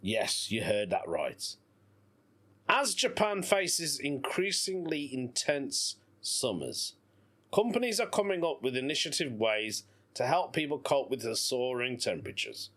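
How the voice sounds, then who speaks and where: A man's voice: mid-range voice, big pitch swings, a little slow, fairly bright tone. A British man in his thirties hosting a casual solo podcast, laughing often and talking in a playful, giggly way. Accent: British English. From Britain. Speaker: podcast host. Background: faint background music.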